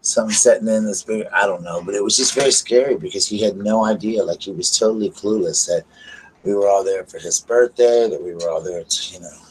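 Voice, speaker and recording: A man's voice: fairly low pitch, a little fast, a little mellow, a little hiss or hum, low-quality recording. A man hosting a casual live chat from his bedroom, affectionately greeting viewers by name and talking about his day. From US South. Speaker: channel host. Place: bedroom at home.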